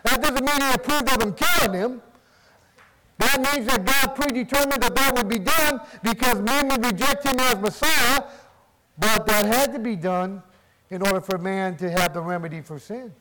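High-voiced preacher questioning his listeners. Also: moderate pace, over a noisy crowd, low-quality recording. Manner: emphatic, asks and answers his own questions. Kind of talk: sermon.

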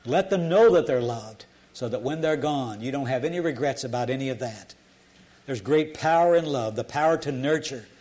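A man's voice: mid-range voice, a little mellow. Older preacher guy giving a sermon, folksy and earnest, restarts a lot.

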